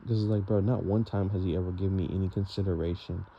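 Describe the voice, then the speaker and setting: A man's voice: low-pitched, fairly even intonation, fast, vocal fry. A young man venting in a rambling, frustrated vlog monologue, full of fillers and "bro". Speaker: vlogger. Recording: dull lo-fi sound with faint noise.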